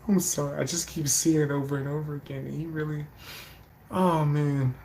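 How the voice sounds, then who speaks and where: Man reacting to clips, gravelly voice, stifled wheezy laughs, faint hiss behind. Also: fairly high pitch, normal speed, poor audio. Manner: laughing and wheezing, holding back loud laughter; animated, quotes people mid-story. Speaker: reaction commentator. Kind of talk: casual reaction commentary.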